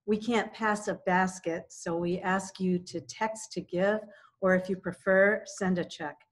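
A woman's voice: medium pitch, fairly even intonation, a little slow. A woman making a direct offering appeal during an online church service. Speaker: church announcer. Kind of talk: offering announcement.

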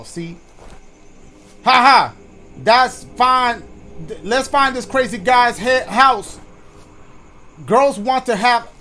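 A man's voice: sits high, a bit bright, a little hiss or hum. A man giving let's-play commentary, joking with the audience and his partner, then muttering nervously. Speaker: gaming YouTuber.

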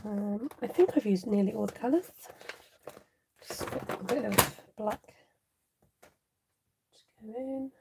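Chatty British woman with a gravelly edge. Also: medium pitch, slow pace, long pauses, heavy background noise. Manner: chatty, thinks aloud, drops into whispered asides. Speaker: craft channel host. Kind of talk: live crafting chat with viewers.

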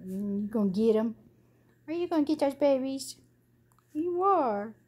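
A woman's voice: high voice, lively intonation, unhurried, a little mellow, husky. A woman cooing at her puppies in doting, sing-song baby talk. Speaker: dog owner filming her puppies.

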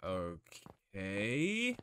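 A man narrating his own horror-game run, with a voice that leaps up and down in pitch. He swears freely and mutters to himself between moves, with faint noise underneath. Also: huge pitch swings, extremely slow, fairly bright tone. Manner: profane, jumpy self-talk while playing. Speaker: gamer playing a horror game. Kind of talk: let's play commentary.

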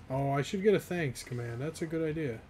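A man's voice: fairly high pitch, moderate pace, darkish tone, slight background noise. A young man in his twenties, from the northeastern US, chatting casually and rambling with chat while streaming a game, often laughing.

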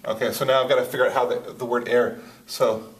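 A man gives a poetry lesson while writing on a board, and he stumbles, restarts and thinks aloud as he goes. His voice sits at an ordinary pitch. It is picked up from across an echoey room. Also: little pitch movement. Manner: halting, thinks aloud with many restarts and fillers. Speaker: poetry teacher. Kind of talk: whiteboard lesson. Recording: roomy, from a distance.

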